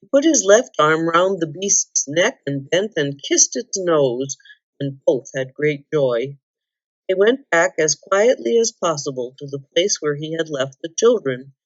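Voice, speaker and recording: A woman reading a children's novel aloud in a calm, measured way. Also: deep voice, no echo, dull audio. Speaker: volunteer reader. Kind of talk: storybook read-aloud.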